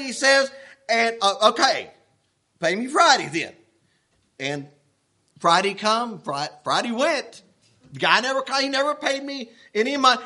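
A man preaching a sermon, telling a story in an animated, worked-up way with plenty of restarts. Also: extremely high pitch, normal speed. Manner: folksy, animated, getting worked up.

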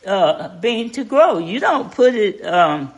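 Leading a relaxed Bible study, an older woman talks slowly in a mid-range voice full of lively ups and downs, the audio sounding dull. She keeps her tone folksy and conversational and often questions those listening.

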